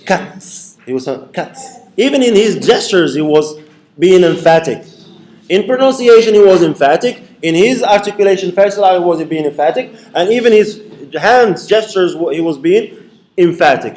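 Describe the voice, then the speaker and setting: Male lecturer in a classroom, a bit higher-pitched, repetitive, keeps checking comprehension. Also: expressive, moderate pace, a little mellow, a little hiss or hum. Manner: explains by repeating points, checks in with "okay?". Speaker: university lecturer.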